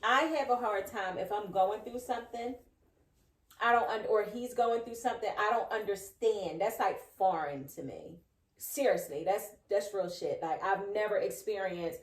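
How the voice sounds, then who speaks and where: A woman's voice: medium pitch, moderate pace, far from the mic. A woman co-hosting a podcast, blunt and outspoken in casual chat. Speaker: podcast co-host. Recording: echoey room, a bit off-mic.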